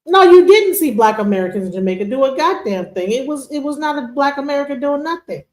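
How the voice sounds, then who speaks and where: An emphatic woman co-hosting a casual commentary stream, her voice pitched a little high. She repeats words as she pushes her point. The sound carries a roomy echo. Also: lively intonation, quick pace, darkish tone. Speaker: stream co-host.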